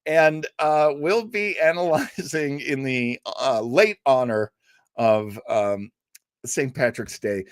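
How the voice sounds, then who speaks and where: A man's voice: mid-range voice, slow, clean tone, no echo, clean studio sound. A man hosting a live show, chatting casually, reading viewer comments aloud and laughing often. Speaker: host. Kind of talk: casual live-stream chat.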